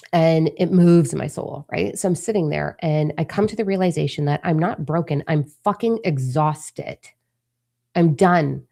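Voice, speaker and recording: Gravelly low-voiced woman confiding. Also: dark tone. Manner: raw, emphatic, swears freely. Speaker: spiritual vlogger. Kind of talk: confessional monologue. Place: living room.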